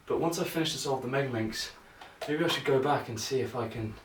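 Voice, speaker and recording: A young man talks to himself while he practises juggling, rambling and poking fun at himself in a mid-range voice. He sits back from the microphone in an echoey room, with a steady hiss of background noise. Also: medium pitch, fast talker. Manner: rambling, self-mocking, thinks out loud. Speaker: vlogger. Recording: echoey room, mic at a distance, noisy.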